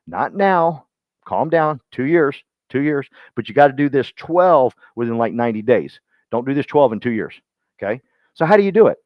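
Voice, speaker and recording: Here the man's mid-range voice has lively intonation and a normal pace as he rallies his real estate team, rambling folksily and naming listeners one by one. There's no echo, and the audio is dull, dry and lo-fi.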